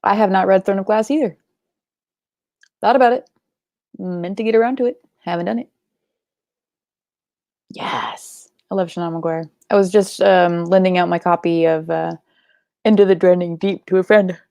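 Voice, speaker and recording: A woman's voice: on the low side, steady tone, moderate pace, creaky, long pauses, mellow, no echo. A young woman hosting a live book club stream, chatting casually and rambling, sleepy and yawning, with offhand swearing.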